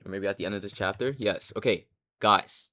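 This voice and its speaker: A young man giving casual commentary, rambling and excitable, with frequent restarts and casual swearing. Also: lowish voice, fairly quick. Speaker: anime commentary creator.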